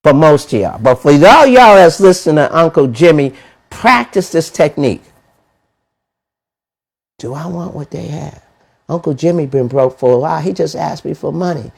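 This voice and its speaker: A man giving a motivational money talk, animated and preachy, with lots of rhetorical questions and slangy, casual phrasing. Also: a little high, brisk, vocal fry. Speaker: money mentor.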